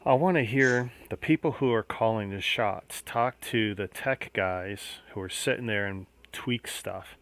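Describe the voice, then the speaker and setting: A man's voice: lowish voice, a little slow, creaky, few pauses, fairly bright tone. A man hosting a casual livestream, chatting and musing aloud as he builds a model kit. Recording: faint background noise.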